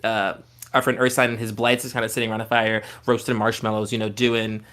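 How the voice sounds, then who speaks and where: A man's voice: lowish voice, flat delivery, fast, a bit bright. Guy gm-ing a tabletop game, rambly descriptive narration, lots of likes and ums. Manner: loose, descriptive narration full of "like" and "um". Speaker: game master.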